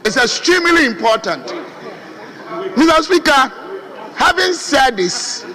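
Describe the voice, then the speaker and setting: Ghanaian MP with a lively, high voice. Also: male voice, unhurried. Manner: oratorical, appealing, rhetorical questions. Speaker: member of parliament. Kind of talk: parliamentary debate speech. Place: parliament chamber. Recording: reverberant parliament chamber.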